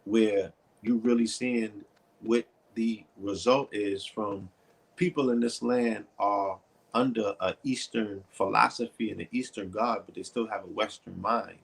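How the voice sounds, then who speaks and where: A male co-host with a gravelly, husky voice who talks in a relaxed, conversational way. He keeps checking in with whoever he is talking to. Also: on the low side, unhurried. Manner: laid-back, conversational, checks in with the listener. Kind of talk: casual chat.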